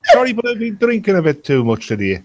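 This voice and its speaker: A man chatting casually over a stream, making wry, sarcastic jokes, on a voice-chat mic with loud noise. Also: high voice, wildly swooping pitch, quick pace.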